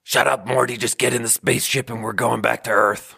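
A man's voice: mid-range voice, steady tone, brisk, gravelly, bright, forceful tone, slightly rough, full character voice. Rick, a man doing a cranky cartoon scientist. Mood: dismissive.

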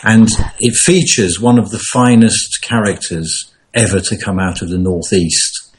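A man chatting casually as a regular panelist, rambling and hesitant with many pauses. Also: lowish voice, steady tone, a little hiss or hum. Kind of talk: casual chat.

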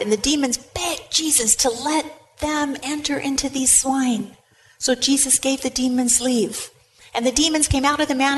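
Woman preacher, lively retelling in a sermon, a fairly high voice. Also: a little hiss or hum. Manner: lively retelling, addresses the congregation directly.

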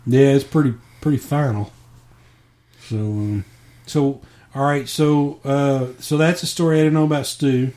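A man hosting a casual interview, relaxed and joking, with lots of "you know" fillers. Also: medium pitch, unhurried. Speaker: podcast host.

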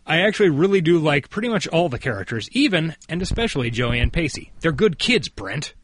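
A man's voice: fairly high pitch, fairly quick. A man co-hosting a casual podcast and reading listener mail with dry jokes. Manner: dry, joking, lively. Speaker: podcast co-host.

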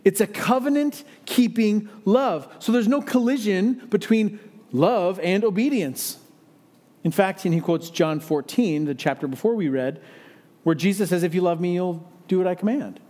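A pastor delivers a sermon in a high, light male voice. He speaks earnestly and with emphasis, often pausing to put rhetorical questions to the congregation. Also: mellow.

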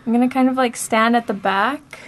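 A woman's voice: a little high, steady tone, brisk. A woman playing a tabletop game, describing her actions in a rambling, hesitant way. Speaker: player. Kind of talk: casual tabletop game play.

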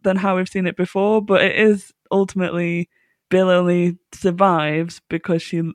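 A woman's voice: fairly low pitch, level tone, moderate pace, dry recording, clean studio sound. A woman co-hosting a podcast in casual chat, laughing often and restarting her sentences. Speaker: podcast co-host. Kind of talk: casual chat reviewing a TV episode.

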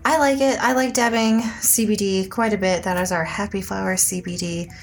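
A woman in her thirties or forties co-hosting a casual podcast with her husband, chatty and quick to laugh. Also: mid-range voice, steady tone, faint music behind. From Colorado, USA. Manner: giggly, laughs often, chatty while multitasking. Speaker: podcast co-host. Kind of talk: casual chat.

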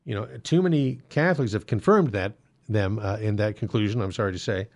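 Gravelly man explaining church teaching. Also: lowish voice, a little fast, a little mellow. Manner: conversational, frequent fillers and restarts. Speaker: Catholic apologetics host. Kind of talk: casual explanatory monologue.

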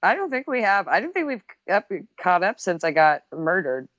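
A woman's voice: mid-range voice, very animated, moderate pace, a bit bright, no room sound, highs cut off. A woman co-hosting a podcast, chatting casually with dry, wry jokes. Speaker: podcast co-host. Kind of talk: casual chat.

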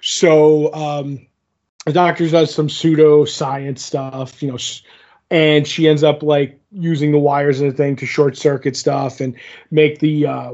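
This podcast co-host's voice sits on the high side with a darkish tone, heard through muffled audio. His recap of a TV episode is casual and loose, wandering along with plenty of filler words.

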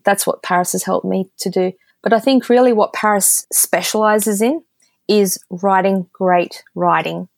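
A woman's voice: mid-range voice, unhurried, gravelly, no echo. Candid Australian woman telling stories. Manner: lively storyteller, candid and direct. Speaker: guest copywriter. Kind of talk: casual podcast interview.

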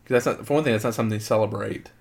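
Man, middle-aged, father, casual chat, relaxed, filler-heavy. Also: lowish voice, rapid-fire, vocal fry. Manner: relaxed, chatty, heavy use of "like". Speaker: father and show co-host.

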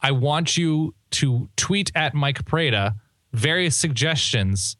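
A man's voice: a little high, animated, slow, a bit bright, no room sound. Joking male podcast co-host, dry mic. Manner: joking, rambling, self-correcting. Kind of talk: casual chat.

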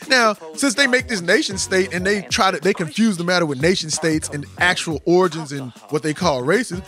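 This is a Texan man with a Southern drawl and a notably high voice. He rambles through his points with emphasis and plenty of slang. Soft music plays faintly underneath. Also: a little fast. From Austin, Texas. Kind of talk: casual discussion.

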